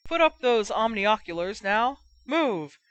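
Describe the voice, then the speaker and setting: A man's voice: high-pitched, big pitch swings, slow pace, a bit bright, smooth, lo-fi sound, voice pushed up, full character voice. A woman voicing a firm, fatherly older man holding a young friend back. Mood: firm urging. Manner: firm, commanding.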